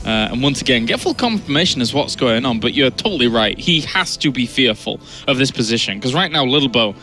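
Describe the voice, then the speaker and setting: A man calling the action of a live esports match, trading quick banter with his co-caster. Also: medium pitch, animated, pushed and bright, faint music behind. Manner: play-by-play, upbeat banter with co-caster. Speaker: esports commentator. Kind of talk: live game commentary.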